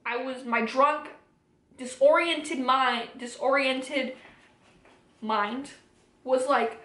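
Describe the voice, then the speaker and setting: High-voiced young woman in an echoey room. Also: drawn-out words, a bit bright. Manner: candid, emotional, swears freely. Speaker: vlogger. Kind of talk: personal storytelling to camera.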